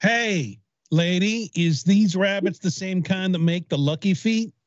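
A man's voice: high voice, measured pace, no echo. A man doing a blunt ungrammatical rabbit buyer. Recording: slightly dull lo-fi sound.

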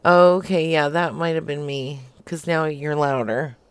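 A woman's voice: low-pitched, normal speed, smooth, no echo. A woman co-hosting a comedy show, chatting in a giggly, teasing way and swearing freely. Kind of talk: casual banter on a live show.

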